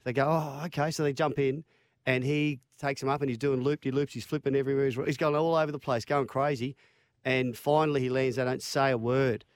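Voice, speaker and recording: Man, long joke, halting delivery, dry close sound. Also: medium pitch, fairly even intonation, no room sound. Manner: halting, restarts phrases. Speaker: joke teller.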